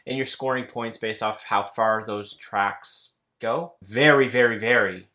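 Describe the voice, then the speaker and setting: A man's voice: on the low side, a little slow, bright, forceful tone. A man co-hosting a casual board game haul, plainly explaining how each game plays. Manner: easygoing, explains rules plainly. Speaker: board game channel co-host.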